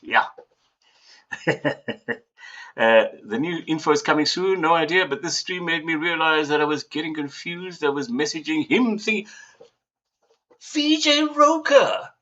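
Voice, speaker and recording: On the high side and brisk with few pauses, the voice belongs to a man from southern Africa hosting a laid-back livestream at home. His slightly bright tone comes through with the highs cut off as he rambles, chuckles and adds theatrical touches.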